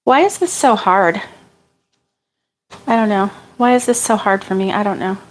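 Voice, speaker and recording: A middle-aged woman chatting casually while sorting yarn for her crochet channel, self-deprecating and quick to laugh. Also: mid-range voice, lively intonation, rough recording. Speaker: crochet vlogger.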